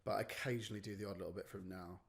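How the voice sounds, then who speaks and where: A man, a podcast co-host, chatting quickly with enthusiasm and jokes. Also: deep voice, fairly even intonation, vocal fry. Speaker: podcast co-host, music producer. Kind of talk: casual chat.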